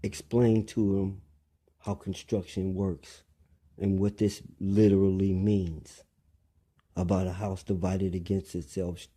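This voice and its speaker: Slow, dark-voiced man lecturing. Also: low voice, flat delivery, breathy edge. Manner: lecturing, repeats phrases and questions the listener. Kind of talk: rambling monologue.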